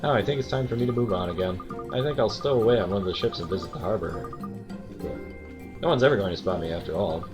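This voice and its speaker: A man's voice: lowish voice, fast, over music, lightly acted. A man doing a smug, vain wizard. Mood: grand. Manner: smug, showy. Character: vain boastful male wizard.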